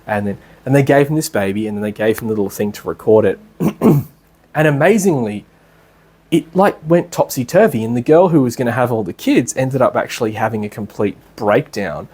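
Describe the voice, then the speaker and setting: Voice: medium pitch, brisk, warm tone, breathy edge. A speaker, telling a rambling story to a class in a casual way, laughing often and using a lot of fillers. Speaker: class presenter.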